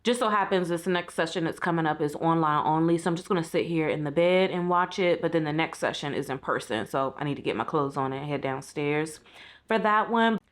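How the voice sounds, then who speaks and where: A woman's voice: low voice, a little fast. A woman talking candidly in a casual vlog, sitting in bed in a hotel room and speaking to a compact camera, with many "like" fillers. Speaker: vlogger. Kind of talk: casual reflective vlog talk.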